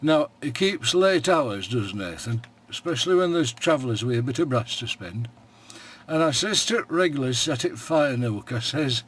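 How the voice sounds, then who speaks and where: An actor playing a wry, plain-spoken old shepherd in a radio monologue, with a broad Yorkshire accent and a dry, homely way of talking. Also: male voice, medium pitch, lively intonation, normal speed, breathy edge. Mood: knowing. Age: older.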